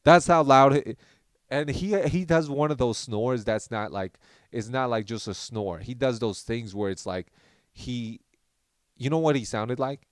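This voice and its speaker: A man's voice: medium pitch, measured pace, no echo. A young man in the middle of his voice range, chatting casually as a podcast host. He rambles through a story, restarts his sentences and slips into the voices of the people he quotes. The sound is close and dry, with no room around it. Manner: rambling, animated, acts out quotes.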